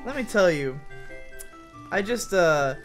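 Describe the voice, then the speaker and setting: A young man in a rambling, profane let's-play chat, with a voice sitting a little high for a man. He gets excitable and swears freely. Game music plays clearly under him. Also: slow pace. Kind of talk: casual gaming commentary. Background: video game music.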